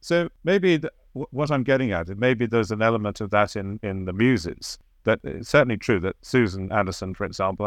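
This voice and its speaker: A man's voice: fairly low pitch, no room sound, clean studio sound. A man being interviewed as the author of a biography, answering reflectively and sometimes searching for the right word.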